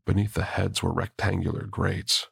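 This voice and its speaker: A man narrates a first-person horror story with a very deep, gravelly voice full of fry. His tone is husky and rough rather than clean. The recording is close and dry, with no room sound. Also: little pitch movement, normal speed, fairly bright tone, no room sound.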